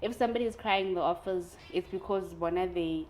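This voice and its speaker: A young woman talking candidly in a casual conversation, telling her stories in an animated way and laughing often. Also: on the low side, fairly quick, a little hiss or hum, rough recording. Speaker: guest.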